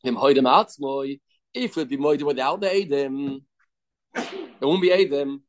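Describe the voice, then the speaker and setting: A man's voice: medium pitch, measured pace. A man teaching a daily Talmud class, explaining step by step, putting questions and answering them himself. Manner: mixes English with Hebrew and Aramaic terms.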